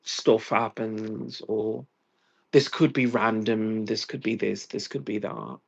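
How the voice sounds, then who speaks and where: A man's voice: on the low side, slow, vocal fry, slightly rough, highs cut off. An exhausted American man venting angrily in a profane monologue. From United States. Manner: angry, profane rant. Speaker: vlogger.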